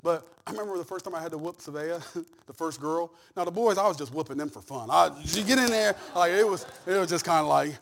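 A middle-aged male pastor preaching a sermon with folksy humor, swinging from soft, intimate asides to shouted climaxes. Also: on the high side, fast talker, vocal fry, slight background noise. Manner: humorous, folksy storytelling with laughs.

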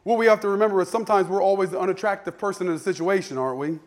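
Guy preaching a sermon, high voice, talks casual with slang, repeats words a lot. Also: rapid-fire. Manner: conversational preaching with slang and stammered restarts.

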